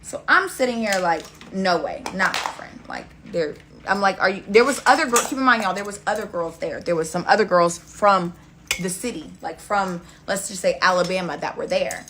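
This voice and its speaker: A woman's voice: mid-range voice, a little fast, a bit bright, slight background noise. A young woman telling a casual storytime rant, blunt and profane, acting out other people's lines as she goes. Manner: blunt, profane, acts out quoted dialogue.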